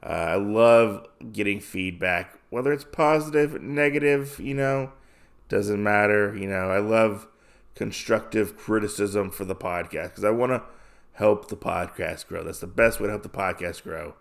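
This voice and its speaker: Gravelly, rambling podcast host. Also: male voice, on the low side, measured pace. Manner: rambling, with many fillers. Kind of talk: casual comic recap.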